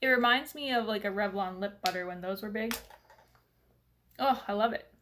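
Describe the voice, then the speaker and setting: A woman's voice: medium pitch, moderate pace, fairly bright tone, a little hiss or hum. A woman chatting through a casual makeup review at home in a rambling way, full of fillers. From Canada. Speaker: beauty vlogger.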